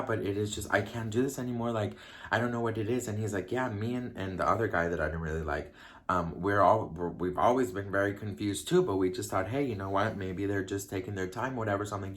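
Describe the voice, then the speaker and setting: A man telling a personal story in a casual, animated way, acting out the voices of the people in it. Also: on the low side, fast talker. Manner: animated, chatty, acts out quoted voices.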